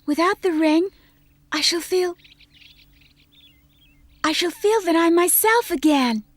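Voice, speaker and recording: A woman's voice: very high-pitched, takes it slowly. A woman voicing a fussy, dramatic grown-up lady in a dubbed cartoon, speaking in an exclaiming, theatrical way. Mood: relieved.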